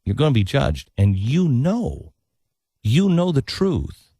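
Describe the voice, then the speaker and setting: Earnest, animated male talk host. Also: fairly low pitch, unhurried, slightly rough, no echo. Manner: earnest, preachy, animated storytelling. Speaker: radio talk show host. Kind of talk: casual talk radio chat.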